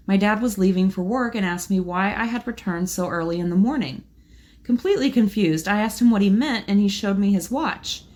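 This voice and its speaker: A woman co-hosting a podcast, reading listener stories aloud in a casual, expressive way. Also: mid-range voice. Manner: laughs often, expressive. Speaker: podcast co-host.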